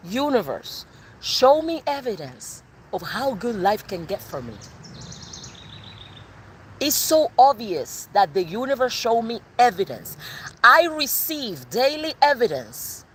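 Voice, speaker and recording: A woman's voice: fairly high pitch, very animated, slow pace, slight background noise. A woman with a Cuban accent giving a channeled tarot reading in an emphatic, sassy way that repeats her points. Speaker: tarot reader.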